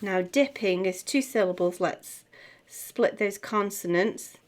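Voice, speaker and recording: A middle-aged woman gives a music theory lesson at an easy, slow pace. Her pitch sits in the middle of the range, and her tone is chatty. She sounds out words syllable by syllable while writing them down. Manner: chatty, self-correcting, sounds out words slowly as she writes. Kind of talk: tutorial, talking while writing.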